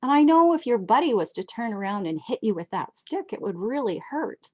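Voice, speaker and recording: A woman in her sixties telling heartfelt personal stories as a guest, reflective and expressive, on a dull lo-fi recording. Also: brisk, hardly any pauses. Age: 60s. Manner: heartfelt, reflective, lively swings in pitch. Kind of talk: personal storytelling.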